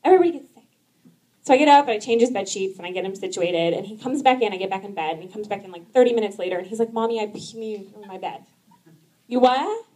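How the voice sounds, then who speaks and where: A woman's voice: medium pitch, fast, few pauses, darkish tone. A woman in her thirties doing stand-up comedy at a live event, chatty, with lots of "um"s and laughing at her own jokes. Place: live event in front of an audience.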